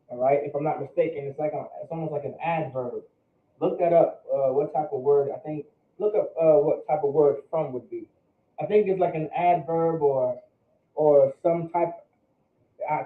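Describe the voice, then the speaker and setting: A man teaching a vocabulary class, his voice a little high for a man. He talks loosely and conversationally, repeats words for his students and asks them questions. The sound is roomy and thin, like a phone line. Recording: echoey room over phone-like line.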